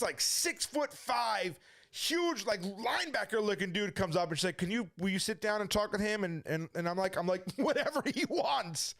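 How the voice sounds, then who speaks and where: A man's voice: sits high, fairly bright tone. A middle-aged man telling his personal testimony as a story, acting out the voices of the people he quotes. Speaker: testimony speaker.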